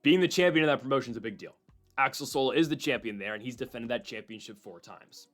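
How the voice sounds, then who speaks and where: A man hosting a solo fight-prediction show, talking in an animated, opinionated way and slipping in quick voices of other people. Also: medium pitch, soft background music. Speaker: MMA prediction channel host.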